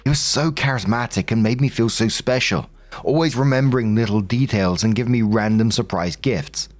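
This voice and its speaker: A man narrating online relationship stories in an even reading voice. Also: mid-range voice, moderate pace. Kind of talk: scripted narration. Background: faint background music.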